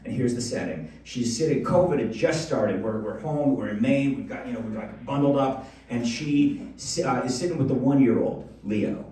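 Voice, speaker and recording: A man's voice: medium pitch, normal speed, recorded from a distance. A man in his thirties performing a stand-up comedy set on a club stage, telling stories and acting out quotes with a handheld mic. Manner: animated storytelling with acted-out quotes. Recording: roomy club sound, taped from afar. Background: audience laughing.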